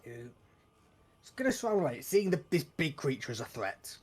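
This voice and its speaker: A man running a tabletop game as game master, playful and quick to laugh. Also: a little high, very animated.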